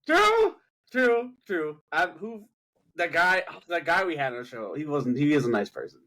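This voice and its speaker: Male podcast co-host, slangy and playful, repeats himself, pitch leaps all over. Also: expressive, moderate pace, pushed and bright. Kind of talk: casual podcast chat.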